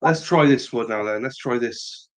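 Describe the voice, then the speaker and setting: A woman's voice: very deep voice, normal speed. A woman chatting casually on a stream while minding a toddler, distracted and soothing as she narrates what is happening. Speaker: parent streamer.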